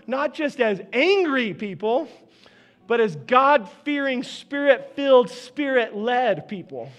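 A man's voice: very high-pitched, animated, measured pace, fairly bright tone. A man preaching a sermon as pastor, talking conversationally and addressing the congregation directly.

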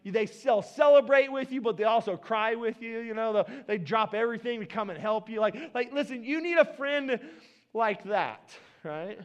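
A man's voice: extremely high pitch, moderate pace, highs cut off. A male pastor preaching a conversational sermon in a church, often restarting and repeating words, speaking into a worn mic. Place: church sanctuary. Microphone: worn microphone.

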